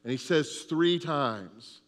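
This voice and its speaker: A man's voice: a little high, animated, slow pace, long reverb tail. A man preaching a sermon with an emphatic, repetitive cadence. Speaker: pastor.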